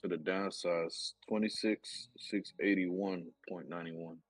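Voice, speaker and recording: A man's voice: deep voice, fairly even intonation, takes it slowly, no echo, faint music behind. A man on a live trading call, reading out price levels carefully with small fillers.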